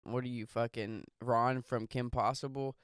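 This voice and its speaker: A man co-hosting a casual podcast, joking and animated, laughing easily. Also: mid-range voice, normal speed, smooth, no echo, studio quality. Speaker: podcast co-host. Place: home studio.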